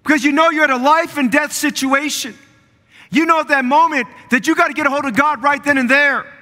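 A man delivers a sermon with a very high, bright, forceful voice. He drives his points home by repeating phrases with rising fervor. His words ring out with long reverb in a church hall. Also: fairly even intonation, a little fast. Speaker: pastor. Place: church sanctuary.

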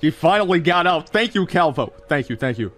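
A young man streams a mobile shooter, delivering hyped play-by-play and speaking directly to his chat with plenty of exclamations. His voice is a little high and fairly bright, with lively intonation and a slightly fast pace. The recording quality is low.

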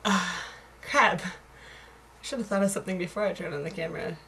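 A woman's voice: on the low side, steady tone, fairly quick, a bit bright, slight background noise. A young American woman chatting casually in a video blog, rambling and self-mocking, with giggles and voice dropping to murmurs. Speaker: vlogger.

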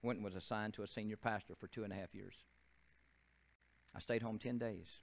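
Folksy Southern pastor preaching. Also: male voice, on the low side, fairly even intonation, fairly quick, vocal fry. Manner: folksy storytelling, repeats and restarts phrases. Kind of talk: sermon. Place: church.

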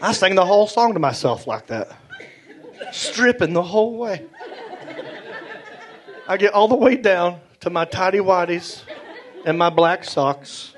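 A middle-aged man with a Southern American accent, telling stand-up stories in a drawling, animated way. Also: high voice, measured pace, long pauses, some chatter behind. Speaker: stand-up comedian. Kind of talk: stand-up storytelling. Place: comedy stage before a live audience. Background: audience laughter.

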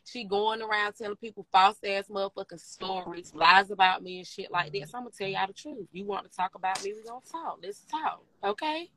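A woman's voice: mid-range voice, brisk, few pauses, sharp tone, low-quality recording. A woman telling a story in blunt, heated, casual talk, swearing constantly. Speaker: storyteller recounting a fight.

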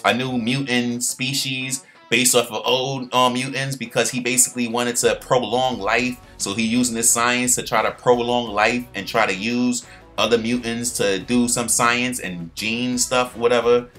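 A man's voice: medium pitch, steady tone, measured pace, a bit bright, faint music behind. A young man hosting a casual recap, rambling in slang with many restarts. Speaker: show recap host.

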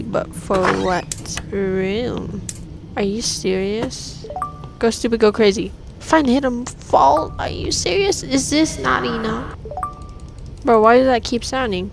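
A woman gamer giving jumpy horror game commentary, swearing and talking back at the game. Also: on the high side. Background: game music.

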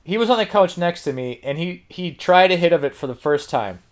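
A man with a slightly high voice tells a story on a casual podcast, swearing freely and laughing as he goes. He rambles, restarts sentences and piles up loose asides. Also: lively intonation, brisk. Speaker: podcast host.

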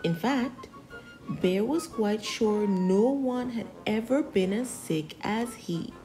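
A woman reading a children's picture book aloud, slowly and expressively. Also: mid-range voice, faint music behind, low-quality recording. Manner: slow, expressive, animated. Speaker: storyteller.

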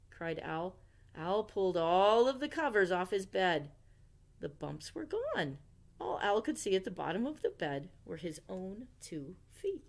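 A woman librarian reading a children's book aloud at storytime. She reads slowly and gently, her voice rising and falling with a lively, singsong range. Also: on the low side. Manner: gentle, expressive read-aloud with questions to listeners.

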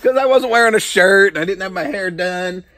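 A man hosting a casual family vlog at home, playful and goofy, bursting into shouts and laughter. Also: high-pitched, a little fast, low-quality recording. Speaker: vlog host. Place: at home indoors.

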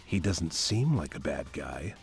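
An actor playing a serious, stealthy young ninja chameleon in a video game, speaking calmly and formally. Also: male voice, very deep voice, unhurried, full character voice. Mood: thoughtful. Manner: calm, earnest, formal. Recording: video game audio over background music.

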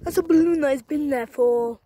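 High-voiced young woman, rambling. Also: moderate pace, warm tone. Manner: rambling, apologetic, chatty. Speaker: vlogger. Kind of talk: casual walking vlog. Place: outdoors on a country road. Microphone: phone camera held while walking.

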